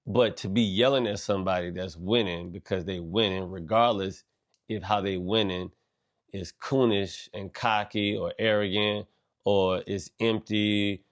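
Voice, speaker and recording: Low-voiced man ranting casually. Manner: loose, animated rant with slang and swearing. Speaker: podcast host. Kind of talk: casual monologue.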